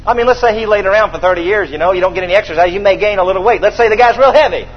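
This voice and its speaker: A man's voice: sits high, racing, lo-fi sound. A man preaching a sermon, acting out a Bible story and calling on the congregation to respond. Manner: animated storytelling, acting out scenes, calls for response.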